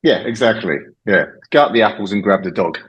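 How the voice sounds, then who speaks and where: Low-voiced English man explaining slang. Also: expressive, fairly quick, lo-fi sound. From England. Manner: explanatory, laughs often. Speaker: English teacher guest. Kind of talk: casual chat about slang.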